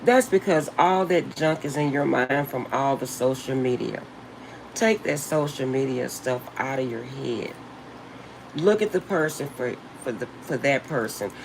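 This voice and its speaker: Slow, laughing older vlogger. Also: mid-range voice, vocal fry, a little hiss or hum, poor audio. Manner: emphatic, laughs often, slangy and blunt. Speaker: channel host. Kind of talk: casual spiritual advice vlog.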